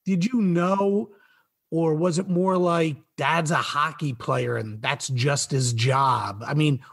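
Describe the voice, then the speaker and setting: Male host, kinda high voice, asks earnest digging questions. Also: fairly bright tone, slightly rough. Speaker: podcast host. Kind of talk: interview questions.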